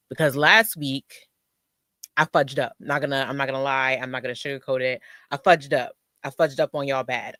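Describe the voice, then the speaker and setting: Smooth, chatty live stream host. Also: medium pitch, dry recording. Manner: chatty, repeats phrases, lots of shout-outs. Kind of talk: casual live stream chat. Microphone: close to the mic.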